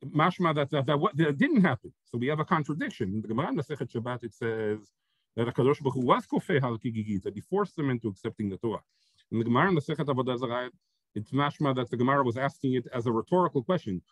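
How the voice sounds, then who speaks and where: A man teaching a Torah text-study lesson. He reads Hebrew sources quickly, explains them step by step in English, and keeps checking in with "right?" and "okay?". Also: medium pitch, animated, no echo, low-quality recording.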